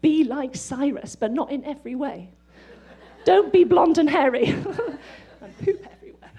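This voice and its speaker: A woman delivers a sermon in a high, lively voice. She is excitable and laughs often. She sounds middle-aged. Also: moderate pace. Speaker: preacher.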